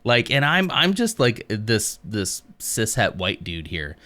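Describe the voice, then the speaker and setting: Slow and somewhat low, a man's smooth voice drifts through a casual live stream from his home office. He rambles a bit, relaxed, speaking directly to chat.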